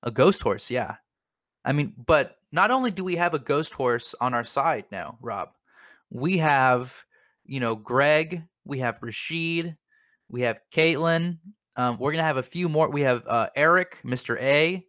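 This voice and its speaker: A man's voice: medium pitch, expressive, a little slow, a bit bright, no echo, clean studio sound. Rambling mock-earnest man on a podcast. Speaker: podcast co-host. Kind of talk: comedic podcast banter.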